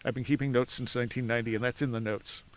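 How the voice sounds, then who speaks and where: Outdoors at a cemetery, a male podcast guest tells a story casually at a very fast clip in a medium-pitched voice. He's animated, acts out the voices of people in his anecdotes, and laughs often.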